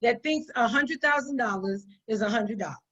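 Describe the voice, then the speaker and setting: A woman's voice: on the high side, moderate pace, fairly bright tone. A woman business owner giving conversational business advice in an emphatic way, often repeating her points for stress. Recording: dull lo-fi sound.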